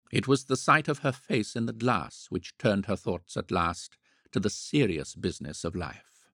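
Low, gravelly male storybook narrator. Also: a bit bright, no room sound, clean studio sound. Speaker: audiobook narrator. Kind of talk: scripted narration.

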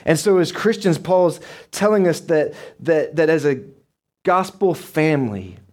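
Chatty young pastor. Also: male voice, fairly high pitch, a little slow. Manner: conversational, animated storytelling with many fillers. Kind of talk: sermon. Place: church sanctuary.

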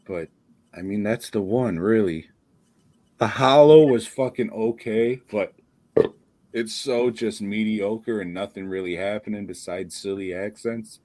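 This horror podcast co-host has a lowish, mellow voice and an unhurried pace. He talks casually, rambling along with plenty of swearing and laughter.

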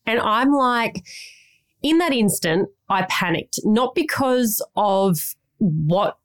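A woman's voice: mid-range voice, lively intonation, slow pace. An Australian woman podcast host, rambling through a long story in casual chat and swearing now and then.

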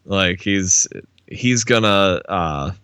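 Low, bright-voiced man chatting. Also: clear, resonant tone, no echo, clean studio sound. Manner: halting restarts, frequent laughter. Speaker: podcast co-host. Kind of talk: casual episode discussion.

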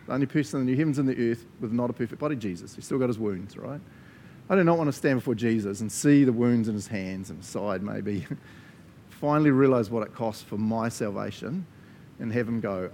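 A man's voice: medium pitch, a little mellow, slight background noise. A man preaching a sermon as a pastor, earnest and conversational, laughing often between asides.

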